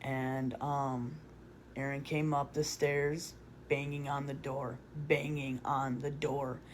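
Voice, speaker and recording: A woman's voice: rumbling low, little pitch movement, slow pace, slight background noise. A woman telling a personal story in a confessional vlog, rambling with restarts and fillers, and blunt with casual swearing.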